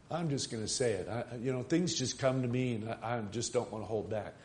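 A man's voice: medium pitch, a little fast, hardly any pauses. Male preacher musing and appealing to his listeners. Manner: storytelling preacher with rhetorical questions to the congregation; builds from quiet musing to rising, emphatic appeals. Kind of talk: sermon.

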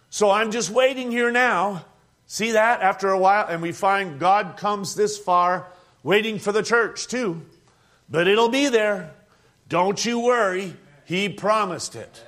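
Older man, high voice, folksy preacher, chuckles a lot, storytelling sermon. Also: a bit bright. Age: 60s. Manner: folksy, chuckles often, plain country grammar.

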